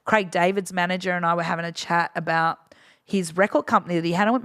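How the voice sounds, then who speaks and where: A woman's voice: fairly low pitch, fast talker, creaky, fairly bright tone, no room sound, studio quality. A woman, a DJ chatting frankly in an interview, swearing freely and acting out what others said. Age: 50s. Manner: frank, swears freely, acts out quoted voices. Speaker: DJ guest. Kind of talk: casual interview chat.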